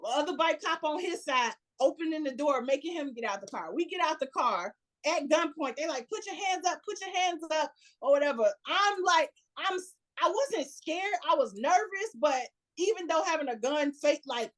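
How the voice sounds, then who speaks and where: Animated woman telling a story, laughing often. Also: sits high, normal speed, few pauses. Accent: Chicago. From United States. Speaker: guest. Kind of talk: casual storytelling.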